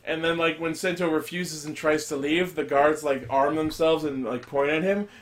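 Lively, chatty young-sounding man. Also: a little high, moderate pace. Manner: rambling, profane, animated retelling with quoted voices. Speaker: podcast host recapping an episode. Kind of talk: casual chat.

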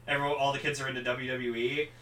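A young man chatting casually on a podcast, excitable and full of fillers, acting out lines as he retells a story. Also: mid-range voice, fast, distant mic. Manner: excitable, lots of fillers, acts out quotes loudly. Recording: echoey room, a little off mic.

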